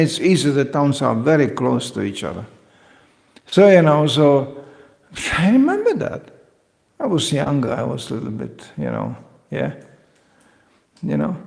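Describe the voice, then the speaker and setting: Guy giving a spiritual talk, lively up-and-down voice, bit high, big hall echo. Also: creaky. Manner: playful storyteller, swings between loud and soft. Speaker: lecturer on scripture. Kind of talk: animated lecture with anecdotes. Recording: lecture hall reverb.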